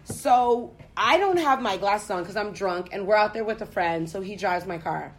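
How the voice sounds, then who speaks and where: A young woman from the United States telling a story in casual chat, profane and animated. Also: medium pitch, moderate pace.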